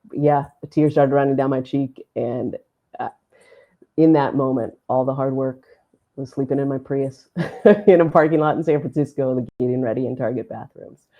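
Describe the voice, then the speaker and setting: A woman's voice: a bass voice, moderate pace, narrow, tinny audio. A woman sports announcer in a podcast interview, telling a story with feeling and acting out the dialogue of the people in it. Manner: animated storyteller who acts out quoted dialogue. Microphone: podcast microphone.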